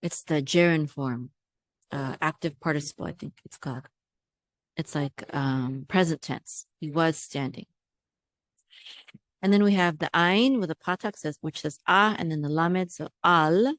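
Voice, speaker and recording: A woman teaching Hebrew pronunciation, patiently repeating words slowly for practice. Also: on the low side, dry recording, clean studio sound.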